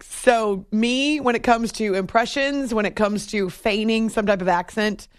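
A woman's voice: fairly high pitch, fairly even intonation, measured pace, smooth, no echo. Chatty female sports radio host. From New Hampshire, USA. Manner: chatty, laughs often, reads listener messages. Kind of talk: casual late-night radio chat. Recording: dry studio mic.

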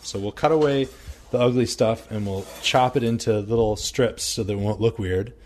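A man's voice: fairly low pitch, normal speed, darkish tone. A man chatting casually while cooking at home, joking and thinking aloud with restarts. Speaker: home cook. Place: home kitchen, indoors.

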